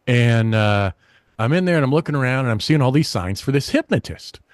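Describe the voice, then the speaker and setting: A middle-aged man, a stand-up comedian, telling a lively story in a casual interview, acting out the people in it. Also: medium pitch, a little fast, dry recording. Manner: animated anecdote-teller, acts out quoted voices.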